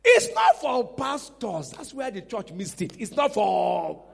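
A man preaching a sermon as pastor, animated, breaking into shouts and laughter. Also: high voice, measured pace, gravelly, breathy edge. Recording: reverberant hall with faint music.

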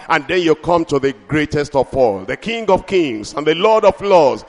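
A man preaching a sermon, building rhythmic refrains and slowing down to stress key lines. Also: a little high, animated. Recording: long hall reverb.

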